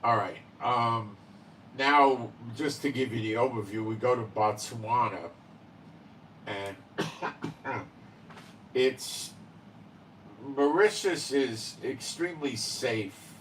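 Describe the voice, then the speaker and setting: A man's voice: mid-range voice, slow, long pauses, fairly bright tone, far from the mic, a little hiss or hum, rough recording. A man hosting his own channel, talking in a rambling casual monologue full of fillers and "okay?" tag questions. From Israel. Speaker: channel host.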